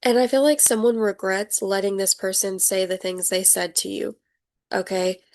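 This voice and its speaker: A young woman giving a casual tarot reading, chatty and animated, laughing often and acting out the people she describes. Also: mid-range voice, moderate pace. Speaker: tarot reader.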